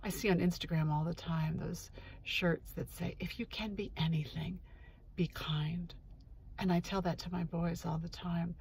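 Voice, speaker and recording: A woman's voice: on the low side, steady tone, moderate pace, darkish tone, a little hiss or hum. A woman hosting her own show, telling a personal story in a candid, earnest monologue while sitting in her parked car. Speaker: host. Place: parked car in a parking lot.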